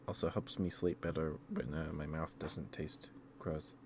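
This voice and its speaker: A man talks softly to his viewers during an ASMR stream, his voice low and his pace unhurried. He sounds gentle and affectionate, often trailing off or stumbling over his words. A faint hum of room ambience sits underneath. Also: level tone. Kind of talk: soft-spoken ASMR chat with viewers.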